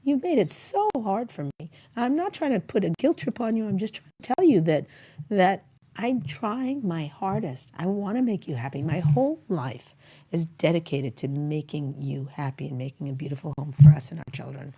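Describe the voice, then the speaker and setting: A woman's voice: fairly low pitch, lively intonation, normal speed, warm tone, breathy edge. A middle-aged woman hosting a talk show, giving marriage advice in a rambling, casual way and acting out bits of dialogue. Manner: rambling, acts out little quoted dialogues.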